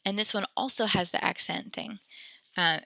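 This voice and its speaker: A woman's voice: medium pitch, normal speed, vocal fry, sharp tone, no room sound. A woman teaching a French lesson, explaining grammar step by step with frequent ums and self-corrections. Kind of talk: recorded classroom lesson.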